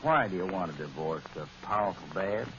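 An actor playing a folksy cowboy movie star with a drawl in 1940s radio acting. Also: male voice, deep voice, expressive, brisk, background noise. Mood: pleading. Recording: lo-fi old radio broadcast.

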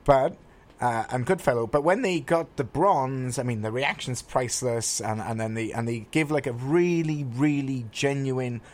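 A man co-hosting a relaxed radio chat show. He talks in a campy, gushing way at an everyday middle pitch. He keeps it loose and conversational. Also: normal speed.

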